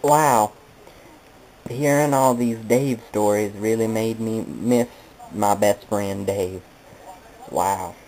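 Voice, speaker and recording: A man's voice: on the low side, fairly even intonation, slow pace, long pauses, a little mellow, a little hiss or hum, low-quality recording. A man telling a rambling comedic monologue, meandering and correcting himself in a mock-nostalgic way. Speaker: comedic storyteller.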